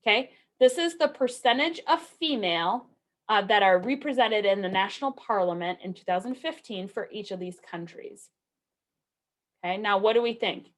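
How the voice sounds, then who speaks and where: A statistics instructor, a woman with a medium-pitched voice speaking at normal speed, gives a recorded lecture. She keeps it conversational, posing rhetorical questions and often checking in with "okay" and "right."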